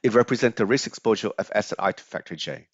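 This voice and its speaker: Guy with a lowish voice walking through finance slides, lots of ums, dry dull recording. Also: fast talker, dry recording. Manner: explanatory, frequent fillers and restarts. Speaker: finance lecturer. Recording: dry, slightly dull lo-fi audio.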